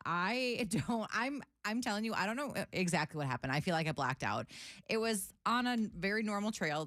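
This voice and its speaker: A woman's voice: mid-range voice, a bit bright, no echo. A woman tells a story on a podcast, chatty and easygoing, with small laughs between phrases. The recording is dry and close. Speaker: podcast co-host. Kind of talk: casual chat.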